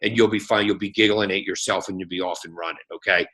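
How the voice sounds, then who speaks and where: A man coaching a team over a phone call in a fired-up sales pep talk. His voice is forceful and sharp-edged, and he talks in a folksy, energetic way, dropping a quick "okay?" after his points. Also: low-pitched. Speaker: guest speaker on a team call.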